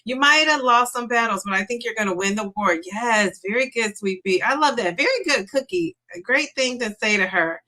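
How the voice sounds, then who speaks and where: A woman's voice: on the high side, expressive, normal speed, few pauses, sharp tone. A middle-aged woman hosting a casual livestream, chatting openly, reading viewer comments aloud and cheering people on. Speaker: livestream host.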